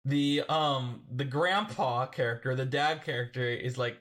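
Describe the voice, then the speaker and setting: A man co-hosting a podcast, chatting about a film in an animated, jokey way and acting out lines in quick voices. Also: mid-range voice. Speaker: podcast co-host. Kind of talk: casual film discussion.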